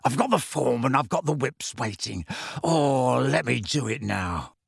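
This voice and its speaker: A man voicing a gleeful, wheezy old male school caretaker who mutters hoarsely in a low voice. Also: expressive, a little slow, no echo, clean studio sound, full character voice. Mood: gloating.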